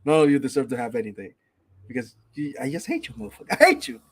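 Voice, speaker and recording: A man's voice: medium pitch, sing-song, quick pace, a little mellow. A man hosting a casual gaming podcast, ranting with heavy profanity and reading out chat names. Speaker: podcast host.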